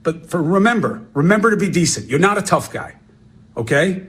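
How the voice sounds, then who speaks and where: A man's voice: high voice, animated, a little fast, fairly bright tone, breathy edge. A man in a television commentary clip, scolding in a lecturing tone.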